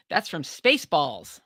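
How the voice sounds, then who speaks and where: Female co-host, animated pitch, deadpan one-liners. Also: no echo. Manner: quippy, short dry comebacks. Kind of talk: casual live-stream chat.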